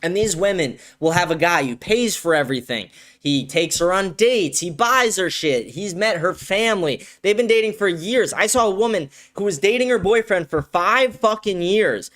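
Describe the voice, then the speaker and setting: A man's voice: high voice, a bit bright. Heated, profane young man ranting. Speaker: show host. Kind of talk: live-stream commentary.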